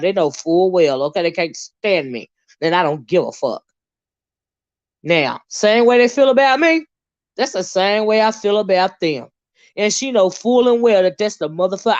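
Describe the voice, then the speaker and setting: A woman rants on a live stream, swinging between loud, heated outbursts and low, muttered asides. Her voice sits at a middle pitch. The audio is dry and a little muffled. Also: no echo. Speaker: channel host ranting to live viewers. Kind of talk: live stream rant, casual and profane.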